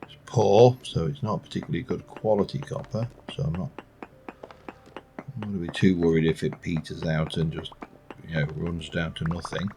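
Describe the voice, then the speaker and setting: A man's voice: deep voice, fairly even intonation, normal speed, gravelly, noisy background. A middle-aged man giving rambling, musing let's play commentary with dry asides. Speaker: gameplay commentator.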